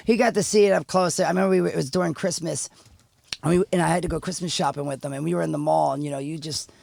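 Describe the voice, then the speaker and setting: A man's voice: a little high, steady tone, fast, gravelly, a little mellow, a little hiss or hum. A middle-aged man talking as a podcast guest, telling a candid story in a rambling way with many restarts. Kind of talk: casual storytelling chat.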